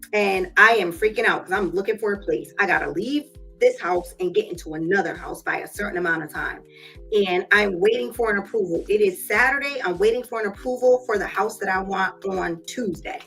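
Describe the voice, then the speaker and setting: A woman's voice: mid-range voice, animated, fairly quick, gravelly, bright, forceful tone, faint music behind. A woman hosting a live stream from her home office, giving a casual motivational talk with chatty storytelling and calling listeners y'all. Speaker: live stream host and business owner.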